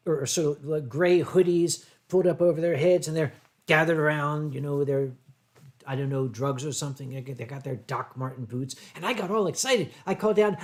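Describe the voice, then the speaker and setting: An older American man hosting a livestream, answering viewer chat in a rambling way with deadpan humor. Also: on the high side, brisk. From United States. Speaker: livestream host.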